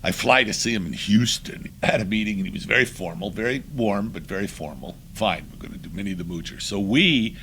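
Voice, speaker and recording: Older man spinning stories, gravelly and bright, does the voices of everyone he quotes. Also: fairly low pitch, a little fast, hardly any pauses, slight background noise. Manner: lively, acts out quoted voices, breaks into laughs. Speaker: podcast guest. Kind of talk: anecdotal storytelling.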